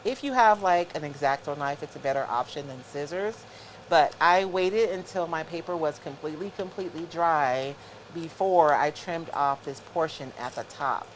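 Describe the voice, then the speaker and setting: Middle-aged woman, low-pitched, casual live-stream craft host who talks viewers through every step. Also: normal speed, a little hiss or hum, rough recording. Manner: chatty, explains step by step to viewers.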